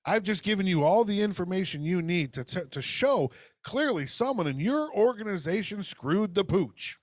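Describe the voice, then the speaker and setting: A man's voice: sits high, lively intonation, normal speed, no room sound, studio quality. A man co-hosting a casual podcast, telling a heated, profane story and acting out phone calls. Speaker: podcast co-host. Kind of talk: casual ranting podcast chat.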